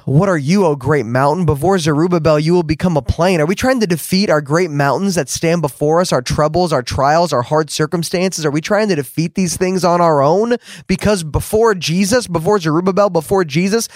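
A man's voice: on the high side, normal speed, hardly any pauses, dry recording, studio quality. A man preaching a fervent podcast sermon, repeating words for emphasis and rising to exclamations.

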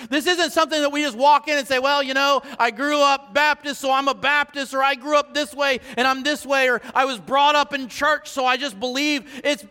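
A male pastor preaching a sermon in a church, moving between hushed reflection and fervent appeals. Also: very high voice, long reverb tail. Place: church sanctuary.

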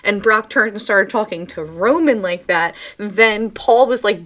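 Female co-host, relaxed banter, dry and inquisitive. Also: mid-range voice. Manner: wry, questioning, quick to laugh. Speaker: podcast co-host. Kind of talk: casual wrestling chat.

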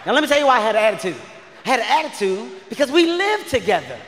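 A man doing stand-up comedy, telling stories in a loud, animated, profane way and acting out other characters. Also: very high voice, very fast, long reverb tail, a little hiss or hum. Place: stage before a live audience.

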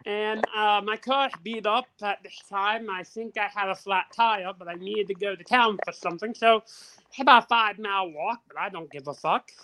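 A man's voice: high-pitched, moderate pace, slight background noise, poor audio. A man on a podcast telling a story in casual chat, swearing freely and acting out the people in it. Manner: profane, animated, acts out the people in his stories. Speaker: podcast co-host.

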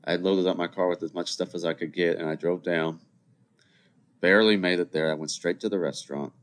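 A man's voice: low-pitched, fairly even intonation, fairly quick. A man in his twenties hosting a solo podcast, rambling chattily with joking asides to his listeners. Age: 20s. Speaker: podcast host. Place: seated at a computer indoors.

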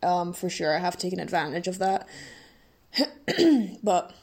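A woman's voice: fairly low pitch, animated, a little slow, darkish tone, breathy edge. A sleep-deprived woman in her twenties hosting a solo podcast, rambling through a casual rant with dramatic, self-mocking asides. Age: 20s. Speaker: podcast host.

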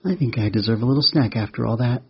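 A man voicing a frightened, excitable little boy in a storybook reading, with high yelps and pleading. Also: quick pace, slightly rough. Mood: cheeky. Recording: dull lo-fi recording.

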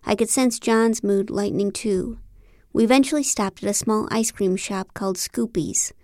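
Woman reading a novel out loud, deadpan and wry, super dry studio mic. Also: medium pitch, moderate pace, dry recording. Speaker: audiobook narrator. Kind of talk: scripted first-person narration.

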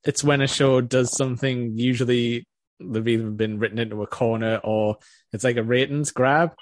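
A man's voice: medium pitch, steady tone, moderate pace, dry recording. A man co-hosting a podcast, rambling through explanations with fillers and laughter. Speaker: podcast co-host. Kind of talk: casual chat.

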